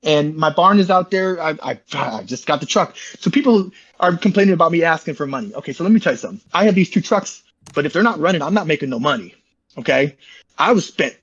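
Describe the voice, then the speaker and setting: A man with a husky voice, pitched a touch high, rushes through a rambling, slangy story as an interview guest. His casual talk is full of bro, and the recording is dull and lo-fi. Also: animated. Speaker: interview guest, online community founder.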